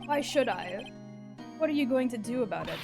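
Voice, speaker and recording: A woman's voice: on the high side, animated, fairly quick, over music. A woman voicing a proud, cold young male prosecutor in a game, with a haughty, clipped delivery.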